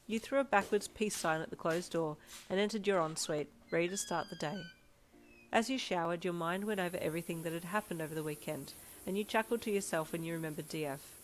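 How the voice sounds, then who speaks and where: A woman with a somewhat low voice reads a fan fiction story aloud, her delivery steady and measured. Soft music plays faintly underneath her. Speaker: fanfiction reader. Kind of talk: audiobook reading of second-person fan fiction.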